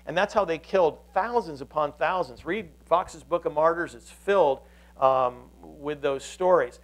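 A pastor with a fairly high voice delivers a sermon. He tells the story earnestly and keeps restarting his phrases as he goes. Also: a little slow, rough recording.

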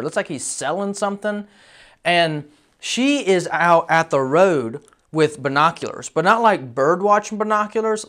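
A man, a roofing contractor telling a wry, animated story in a casual way, full of asides. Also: fairly high pitch.

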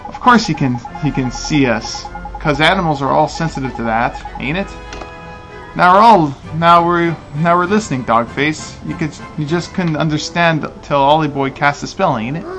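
A man's voice: on the high side, moderate pace, a bit bright, faint music behind. A man voicing a cheeky, blunt male fairy sidekick in a game, in a mocking way.

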